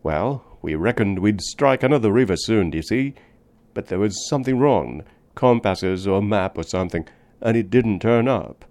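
A man's voice: lowish voice, expressive, moderate pace, darkish tone. A man voicing a dying frontier wanderer, weary. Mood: tender, weary. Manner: tender, rough folksy drawl.

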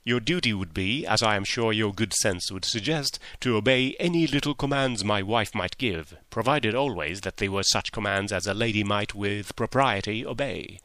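Man doing a fussy wheedling gentleman from an audiobook, coaxing, pushy, low voice with a bright edge. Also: moderate pace, hardly any pauses, no echo. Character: fussy, wheedling middle-aged gentleman employer. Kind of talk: audiobook character reading.

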